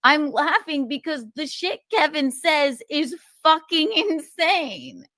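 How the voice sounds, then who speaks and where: A woman's voice: high-pitched, big pitch swings, takes it slowly, bright, forceful tone, no echo, clean studio sound. A woman streamer who swears a lot, defending herself in an exasperated, casual monologue.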